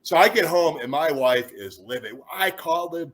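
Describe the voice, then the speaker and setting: A man in his fifties from Chicago, a former football player, telling lively anecdotes as an interview guest and acting out other people's words. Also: a little high, moderate pace. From Chicago, USA. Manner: animated storyteller who acts out quotes, with frequent restarts.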